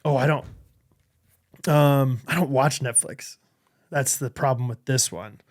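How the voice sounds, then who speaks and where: A male podcast co-host with a mid-range voice and fairly even intonation speaks a little slowly. Running a casual quiz, he laughs often and sounds hesitant, dropping lots of ums.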